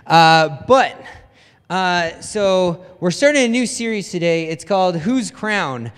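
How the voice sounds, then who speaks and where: Young-adult ministry pastor, male, higher-pitched voice, loose and self-mocking storytelling, long hall reverb. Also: lively intonation, slow, smooth. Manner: chatty, self-deprecating storytelling with many "like"s. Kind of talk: casual conversational sermon. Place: church hall.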